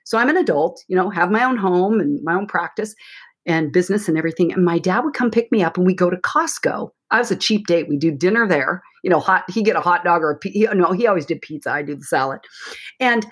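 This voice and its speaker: A woman therapist and author talking in a chatty, animated way as a guest, giving coaching advice to parents. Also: fairly low pitch, fast talker, husky. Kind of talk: advice-giving podcast interview. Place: Portland, Oregon.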